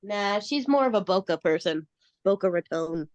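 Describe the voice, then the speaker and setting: Wry woman, lively voice, dull lo-fi mic. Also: medium pitch, normal speed, no echo. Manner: wry, stubborn one-liners. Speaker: podcast co-host. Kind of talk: casual comedic chat. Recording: dull lo-fi sound.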